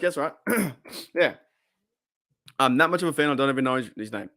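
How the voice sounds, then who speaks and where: A man with an Australian accent hosting a casual live stream, rambling and excitable as he reacts to chat. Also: mid-range voice, normal speed, long pauses, no room sound, clean studio sound. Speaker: livestream host.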